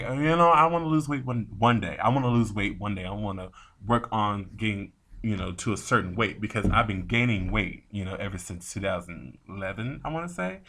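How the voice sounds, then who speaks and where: A man tells a rambling story straight to the camera, animated and quick to swear. His voice sits a little low yet sounds bright and forceful. He acts out both sides of each exchange as he goes. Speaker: vlogger. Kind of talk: casual storytime rant.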